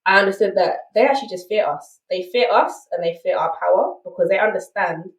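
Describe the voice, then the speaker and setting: A woman's voice: medium pitch, lively intonation, fast talker, echoey room, distant mic, rough recording. A woman with a South London accent, a podcast guest telling her story candidly and emphatically, often checking in with "right?". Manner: emphatic, rhetorical asides like "right?".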